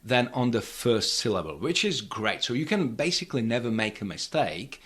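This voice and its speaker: Lively man teaching. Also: mid-range voice, moderate pace, breathy edge. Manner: frequent uh fillers, lively, repeats example words. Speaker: language teacher. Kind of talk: explaining pronunciation lesson.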